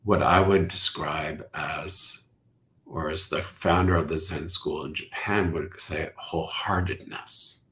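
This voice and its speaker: Slow, deep-voiced contemplative man. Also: steady tone. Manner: slow, soft-spoken and contemplative, drifting into whispers. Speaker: Zen teacher, guest. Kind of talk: reflective podcast conversation.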